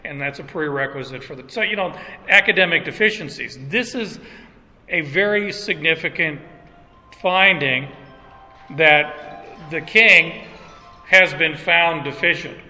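A middle-aged man preaching a sermon, talking slowly and haltingly, with restarts and small chuckles. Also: a little high, sharp tone, soft background music. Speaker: pastor. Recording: long hall reverb.

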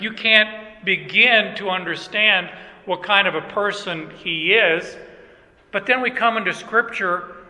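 High, bright-voiced older male pastor preaching. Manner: conversational, joking preaching with asides to the congregation. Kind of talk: sermon. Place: church. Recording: long church reverb.

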